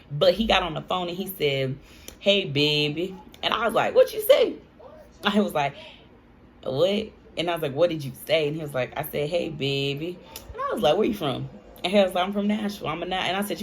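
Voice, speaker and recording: A young woman, telling a casual storytime to her viewers in an animated, chatty way. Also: sits low, a little hiss or hum. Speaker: vlogger.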